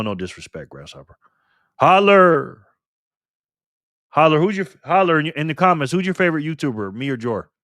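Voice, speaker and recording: A man's voice: mid-range voice, fairly bright tone, no room sound, clean studio sound. A man hosting a casual live stream, reading the chat aloud and talking back to viewers in an upbeat, chatty way. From Nevada.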